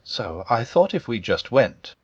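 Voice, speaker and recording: A man voicing a gloomy, self-pitying old male donkey who talks slowly and mournfully in a storybook reading. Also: mid-range voice, sing-song, husky, dry recording, dull audio. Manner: slow, mournful, sighing delivery.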